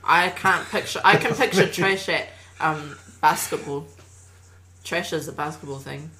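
A woman's voice: sits low, a little slow, pushed and bright, a little hiss or hum, low-quality recording. A woman chatting casually and playfully with friends, laughing often and trailing off mid-sentence. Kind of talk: casual chat.

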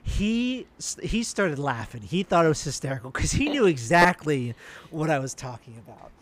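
A man's voice: a little high, sing-song, normal speed. A man telling a casual anecdote, rambling along with many restarts and fillers.

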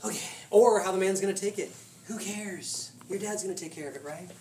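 Animated male preacher in a roomy hall. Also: high-pitched, fairly quick. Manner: animated storytelling with laughs and voiced asides. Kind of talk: casual sermon. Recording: roomy hall from a distant mic with noise.

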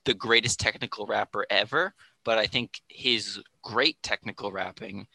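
A man's voice: on the low side, normal speed, vocal fry, pushed and bright, no echo, poor audio. A man in a casual podcast conversation, explaining rap to the host in a thoughtful way. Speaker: guest explaining rap music.

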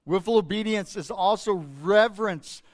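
A man's voice: high-pitched, normal speed. A middle-aged male pastor preaching a sermon in an emotional, emphatic way that keeps rising and falling.

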